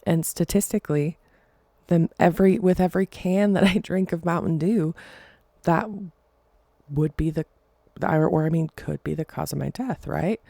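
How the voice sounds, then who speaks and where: This woman's voice is fairly low, creaky, and dark, heard with no room sound as she hosts a podcast. Emotional and choked up, she tells a story casually but haltingly, often stumbling and apologizing.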